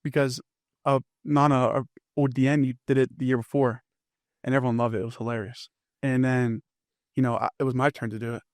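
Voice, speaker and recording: Fast-talking young man, football captain. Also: mid-range voice, level tone, darkish tone, dry recording. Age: young adult. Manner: fast storytelling with lots of fillers. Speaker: football team captain guest. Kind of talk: casual chat.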